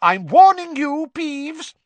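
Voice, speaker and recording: A stern, commanding older schoolmistress barks orders in a piercing, very high voice, as a man voices her. Her commands come out sharp and clipped, with the lively swings of a storybook reading recorded close and dry. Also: slow, no echo, full character voice. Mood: stern shouting. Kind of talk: audiobook character voice.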